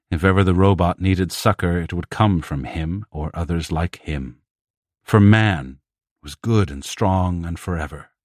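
A man reading a science fiction story aloud in a measured, steady narration. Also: sits low, no echo, clean studio sound. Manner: steady, measured reading with raised voices for quoted characters. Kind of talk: scripted audiobook narration.

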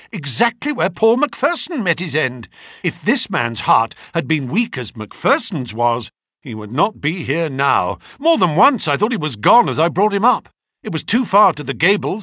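A man's voice: high-pitched, sing-song, normal speed, bright, forceful tone, slightly rough, no echo, studio quality, voice pushed up, exaggerated voice. A man doing a frantic, pleading schoolmaster. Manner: urgent, pleading, raised voice. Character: agitated middle-aged male schoolmaster, panicked.

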